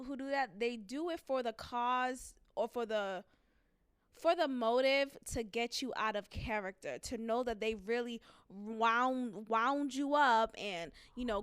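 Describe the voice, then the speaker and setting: A young adult woman hosting her own podcast, talking casually and candidly, breaking into loud laughter when amused. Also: on the high side, smooth, no echo, studio quality. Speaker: podcast host. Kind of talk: casual solo commentary.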